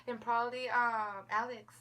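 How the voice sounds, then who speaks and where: A woman's voice: fairly high pitch, little pitch movement, normal speed, a bit bright. A young adult woman telling an embarrassing story to her sister, laughing as she goes. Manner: giggly, laughs through her lines. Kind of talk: casual storytelling.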